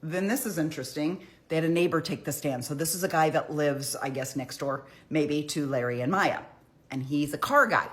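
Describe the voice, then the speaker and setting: A woman's voice: low-pitched, normal speed. A woman giving a casual, chatty recap of a criminal trial, retelling courtroom exchanges with emphatic quoted lines. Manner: chatty, conversational, with frequent "like" asides. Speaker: true crime commentator.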